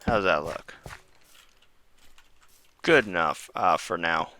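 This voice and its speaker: A man's voice: sits low, animated, slow pace, pushed and bright, slight background noise. A man casually commenting while playing a building game, rambling, correcting himself and talking to his viewers. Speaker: gaming channel host.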